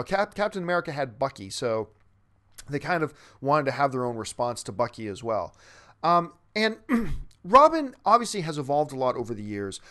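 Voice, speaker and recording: A man's voice: mid-range voice, fairly bright tone. A man hosting a movie news show, chatting casually and enthusiastically in a rambling way as he answers a viewer's question, often restarting his sentences.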